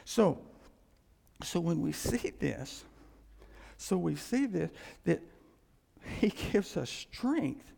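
Male pastor mid-sermon, high and lively pitch, animated with hushed asides, church hall reverb. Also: very slow, vocal fry, long pauses. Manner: animated preaching, acting out quoted voices, hushed asides.

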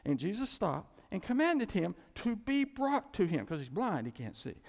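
A man preaching a sermon as pastor, animated, swinging from loud cries to quiet asides. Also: high voice, moderate pace. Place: church. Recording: long hall reverb.

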